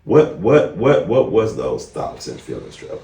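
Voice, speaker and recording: A man hosting a podcast interview, emphatic and casual, swinging between loud excitement and soft, careful questions. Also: on the low side, a little slow, vocal fry, echoey room, distant mic, slight background noise. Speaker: podcast host. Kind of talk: heartfelt interview conversation.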